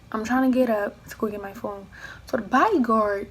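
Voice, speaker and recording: A young woman vlogger telling a personal storytime, animated, acting out what people said and dropping into hushed asides. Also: fairly high pitch, brisk, a little hiss or hum, low-quality recording. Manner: animated storyteller who acts out quoted dialogue, slips into hushed asides. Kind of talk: storytime chat.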